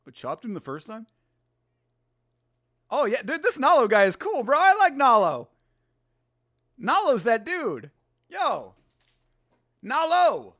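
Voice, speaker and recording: A man in his thirties hosting a casual watch-along, excitable, slangy and laughing often. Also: extremely high pitch, slow pace, pauses often. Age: 30s. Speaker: host.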